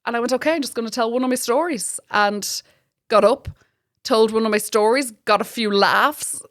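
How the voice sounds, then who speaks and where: A woman with an Irish accent, a comedian guest in a casual chat, telling lively stories, swearing freely and laughing often. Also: fairly high pitch, normal speed. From Ireland.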